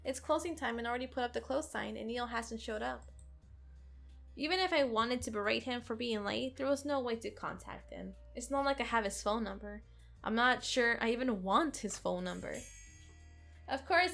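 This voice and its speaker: A woman hosting a let's play, reading a visual novel aloud in an expressive, sarcastic way. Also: on the high side, moderate pace, creaky, soft background music. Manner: expressive, sarcastic, occasional giggles.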